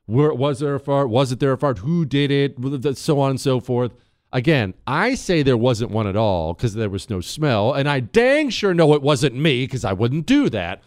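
A man's voice: mid-range voice, no echo, studio quality. A man hosting a talk radio show, joking and teasing while he reads listener emails aloud.

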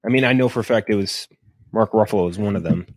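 A man's voice: fast, no room sound, studio quality. A man co-hosting a podcast, chatting casually and swearing as he rambles through a film idea. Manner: rambling, profane, pitches a film plot. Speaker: podcast co-host. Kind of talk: casual chat.

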